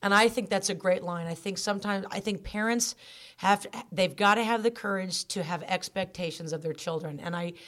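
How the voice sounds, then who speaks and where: A woman's voice: mid-range voice, moderate pace, a bit bright. A woman talking candidly as a guest on a podcast about her stepson, getting emotional and choked up. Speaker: stepmother guest. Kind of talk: emotional interview talk.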